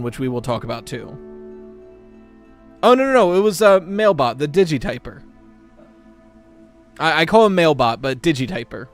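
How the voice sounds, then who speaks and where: Brief: male streamer, slightly high voice, excitable and loose-mouthed, faint music underneath. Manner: excitable and animated, swears casually, talks to chat. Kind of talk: casual live-stream chatter reacting to a game trailer.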